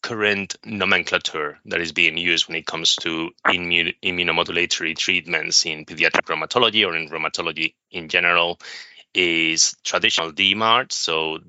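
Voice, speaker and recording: A male pharmacist with a low, strikingly bright and smooth voice explains in a calm, measured way. The recording is dry and slightly muffled, like a home podcast setup. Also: no room sound. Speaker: specialist pharmacist guest.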